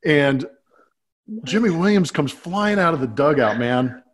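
A man co-hosting a podcast, telling a story in a casual, animated way, laughing and acting out the people he quotes. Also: fairly high pitch, measured pace. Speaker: podcast co-host, former ballplayer. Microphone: webcam.

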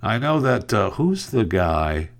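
A sarcastic man hosts a solo news podcast, talking in a very low, deep voice. He rambles from story to story and trips over words as he goes. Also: big pitch swings, slow pace, creaky. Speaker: podcast host. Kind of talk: casual solo podcast commentary.

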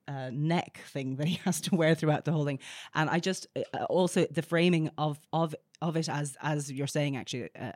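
A woman's voice: sits low, darkish tone, no room sound, studio quality. A woman from Ireland, a film critic on a podcast, blunt and emphatic, often restarting her sentences. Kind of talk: podcast discussion.

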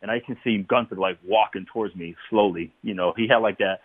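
A man, a former football player, talking as a guest in a casual interview, telling animated stories and laughing often. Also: lowish voice, brisk, breathy edge, no echo, phone-quality sound.

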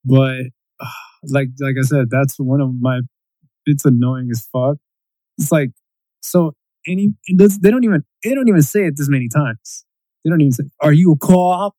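A man in casual chat, ranting in an animated, profane way and mimicking quotes in a raised voice. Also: mid-range voice, normal speed, no room sound, rough recording.

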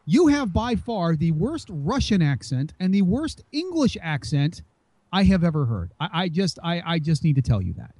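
A man's voice: a little high, sing-song, normal speed, darkish tone, no room sound. A man co-hosting a casual wrestling podcast, rambling and teasing with many restarts. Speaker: podcast co-host.

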